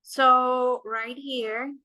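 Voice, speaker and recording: Woman teacher, young adult, unhurried bright delivery, dry close sound, patient explainer. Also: sits high, steady tone, no room sound, poor audio. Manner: explanatory, frequent "right?" checks and "uh" fillers. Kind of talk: recorded class lesson.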